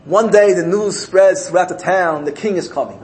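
A man's voice: high voice, normal speed, low-quality recording. Man telling a parable in a sermon. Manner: animated storyteller, repeating key phrases. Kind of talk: sermon built on told parables.

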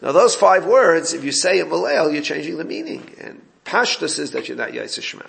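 A man leads an informal Torah class with a somewhat raised, gravelly voice. He explains step by step and recounts back-and-forths with his students. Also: fairly high pitch, big pitch swings, brisk, fairly bright tone. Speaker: Torah teacher.

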